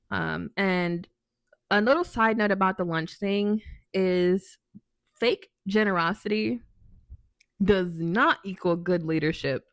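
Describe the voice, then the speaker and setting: Sassy storytelling woman, lowish voice. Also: moderate pace, no room sound, clean studio sound. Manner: chatty and sassy, lots of "um" and restarts. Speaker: vlogger. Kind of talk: casual storytime.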